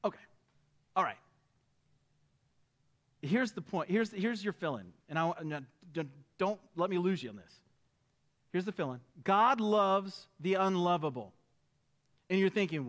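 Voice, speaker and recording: A man preaching a sermon as pastor, animated and conversational, often checking in with "right?". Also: high-pitched, normal speed, long pauses. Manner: animated, rhetorical, keeps asking "right?".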